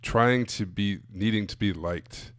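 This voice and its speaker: A man's voice: fairly low pitch, unhurried, a bit bright, clean tone, dry recording, studio quality. A man giving a blunt, casual live-streamed coaching talk to sales coaches, full of emphatic asides.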